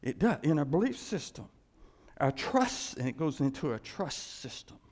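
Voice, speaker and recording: A man preaching a sermon with animated delivery, acting out quoted voices and dropping into hushed asides. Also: a little high, normal speed, long reverb tail. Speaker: pastor.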